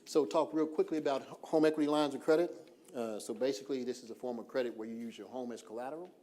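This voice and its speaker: A man presenting a financial workshop in an informal seminar style, relaxed and full of fillers, slowing down on purpose to stress key points. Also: medium pitch. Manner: relaxed, lots of "uh" fillers, slows down deliberately for emphasis. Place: church hall.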